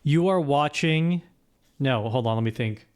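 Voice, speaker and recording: A man streaming live, giving halting, hesitant instructions full of fillers. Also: mid-range voice, expressive, darkish tone, clear, resonant tone. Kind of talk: casual live-stream chat.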